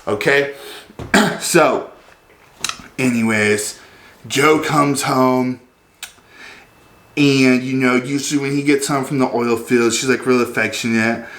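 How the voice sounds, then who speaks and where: A man rants to his viewers in a rambling, sarcastic way, leaning hard on fillers. His voice sits at an ordinary pitch. The room gives it a roomy echo. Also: fairly even intonation, slow pace, long pauses, a bit bright. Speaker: vlogger. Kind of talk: comedic rant.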